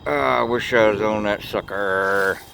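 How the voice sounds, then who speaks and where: A man's voice: fairly low pitch, fairly even intonation, unhurried, creaky, background noise. A man vlogging outdoors beside railroad tracks, rambling in a folksy way and swearing casually, recorded on a handheld camera mic. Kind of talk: casual outdoor vlog narration.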